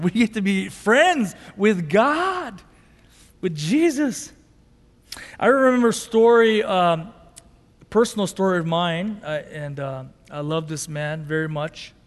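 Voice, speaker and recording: Male pastor, high voice, emotive sermon delivery, long hall reverb. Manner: emotive preaching, swinging from loud intensity to quiet softness.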